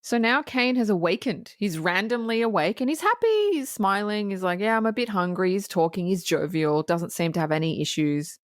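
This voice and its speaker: Lively swearing woman podcast co-host. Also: medium pitch, normal speed, hardly any pauses, no echo, studio quality. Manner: lively, swears freely, laughs often. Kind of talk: casual film review chat.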